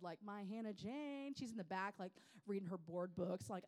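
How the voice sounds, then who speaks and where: A woman, telling personal stories in an animated, self-deprecating way to a women's gathering. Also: medium pitch, normal speed, few pauses. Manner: animated, self-deprecating, chatty with many fillers. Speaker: women's ministry speaker. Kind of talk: personal storytelling talk.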